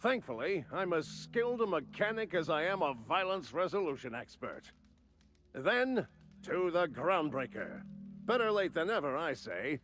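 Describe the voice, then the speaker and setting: An actor playing a swaggering, boastful male ship captain in a video game, with a booming announcer-like delivery and grandiose, old-fashioned phrasing. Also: big pitch swings, normal speed, fairly bright tone, soft background music.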